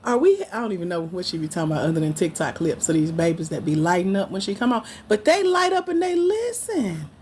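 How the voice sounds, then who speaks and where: A woman's voice: fairly low pitch, lively intonation, quick pace, hardly any pauses, darkish tone, slight background noise. Playful woman teasing her livestream viewers. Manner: playful, teasing, talks back to chat comments. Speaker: grant coach hosting a livestream. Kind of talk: casual livestream chat with viewers.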